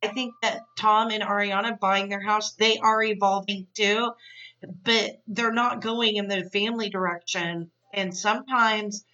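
A woman's voice: medium pitch, fairly even intonation, a little slow, sharp tone, recorded from a distance, dull audio. A woman podcast host giving a casual, chatty, opinionated episode recap. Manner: chatty and opinionated, many fillers.

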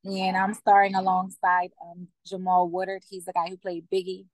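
A woman's voice: fairly low pitch, monotone, no room sound. Chatty young woman, dry close sound. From West Philadelphia. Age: young adult. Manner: friendly, chatty, quick to laugh along. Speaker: guest, musician and actor. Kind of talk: casual interview chat.

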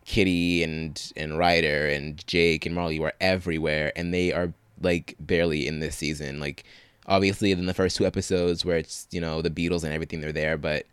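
Deep-voiced man recapping in casual chat. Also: clear, resonant tone, no room sound, studio quality. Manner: animated, quoting characters in quick paraphrase. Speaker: podcast co-host.

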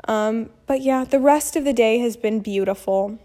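A woman in her thirties telling a story casually as a vlogger, animated and blunt, acting out what people said. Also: sits high, moderate pace, few pauses. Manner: animated, acts out quotes, blunt with mild swearing. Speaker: vlogger and mother.

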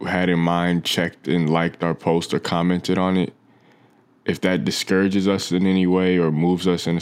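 A man's voice: low-pitched, smooth. A man speaking as a guest in a casual faith conversation, explaining his views in a thoughtful, reflective way. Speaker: podcast guest.

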